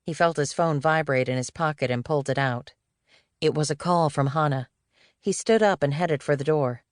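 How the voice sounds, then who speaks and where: A woman reading an audiobook in a steady, measured narration style, recorded on a studio microphone. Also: very deep voice, no echo. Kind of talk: scripted narration.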